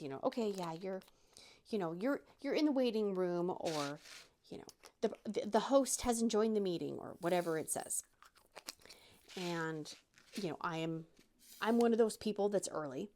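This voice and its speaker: A woman's voice: lowish voice, darkish tone, slight background noise. A woman hosting a crafting vlog, chatting in a rambling, self-deprecating way with lots of restarts while she works on a craft. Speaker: crafting channel host.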